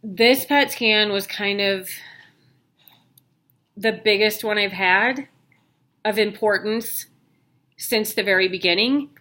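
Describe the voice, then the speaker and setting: A woman's voice: mid-range voice, slow, pauses often, sharp tone. Chatty, candid woman vlogging. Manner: chatty and candid, with jokey asides. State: worn out. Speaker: vlogger sharing her health news. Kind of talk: casual talk to camera.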